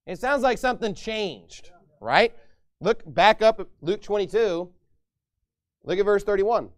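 A male pastor preaching a sermon and reading scripture aloud, emphatic, swinging from hushed asides to loud declarations. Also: sits high, lively intonation, unhurried.

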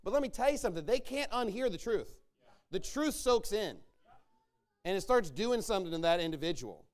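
A man's voice: sits high, sing-song, brisk. A man preaching a sermon to his church, emphatic and repetitive as he rallies his listeners.

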